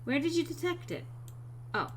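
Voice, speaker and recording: A woman's voice: very high voice, big pitch swings, moderate pace. Woman streamer, chatty gameplay commentary, blunt and casual, light background hum. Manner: chatty, reacts and reads chat aloud, frank and swearing.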